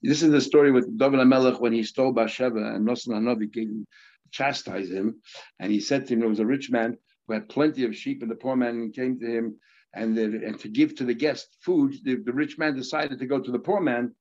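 Man teaching Talmud, halting delivery. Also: medium pitch, a little mellow, dull audio. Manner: halting explanation with restarts and storytelling. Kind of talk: Talmud lesson.

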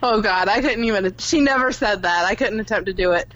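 A woman's voice: medium pitch, fairly quick, fairly bright tone, poor audio. A young woman co-hosting a casual film podcast, chatty and giggly, reading out facts about films. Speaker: podcast co-host. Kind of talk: casual chat.

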